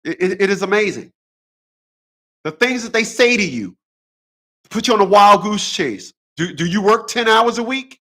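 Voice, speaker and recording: This channel host's voice sits high and sounds expressive and fairly bright, moving at a moderate pace with long pauses. Talking boxing in a loose, combative monologue, he swears freely, speaks bluntly, and keeps repeating phrases for emphasis.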